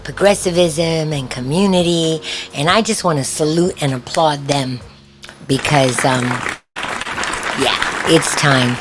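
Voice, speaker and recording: A woman's voice: low voice, background noise. A woman co-hosting a call-in radio show, speaking in an emphatic, casual way. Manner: slow, emphatic, laughs often.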